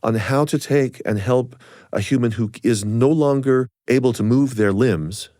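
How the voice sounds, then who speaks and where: A man hosting a radio interview, speaking in a thoughtful, gentle and measured way. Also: mid-range voice, no room sound, clean studio sound. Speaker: host.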